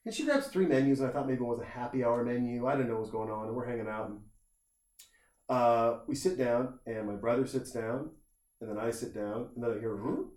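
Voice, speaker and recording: A man in casual conversation spins an animated story, slipping into quick voices for the people he describes and cursing as he goes. His voice sits at a middle pitch. The sound is roomy, with a noticeable echo around him. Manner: animated anecdote telling with quoted voices and swearing.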